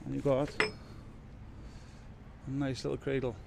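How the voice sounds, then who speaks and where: A man's voice: medium pitch, completely flat delivery, unhurried, gravelly, noisy background. A man chatting casually as he loads his truck outdoors, rambling and joking at his own expense. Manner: chatty, rambling, self-mocking. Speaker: truck driver vlogger. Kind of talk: casual chat while working. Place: outdoors at a loading yard in rain.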